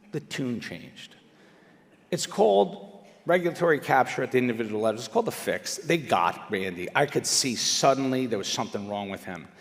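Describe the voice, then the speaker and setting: Animated man speaking in a hall. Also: mid-range voice, gravelly. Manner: animated, conversational, swings between loud emphatic and quiet asides. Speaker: speaker at a live event. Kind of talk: public speech. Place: large indoor venue. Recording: reverberant hall.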